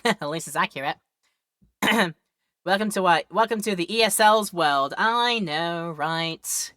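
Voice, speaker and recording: A woman's voice: fairly low pitch, measured pace, fairly bright tone, dry recording, clean studio sound. A woman streaming a game, chatting and rambling in between joke voices. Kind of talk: game let's play commentary.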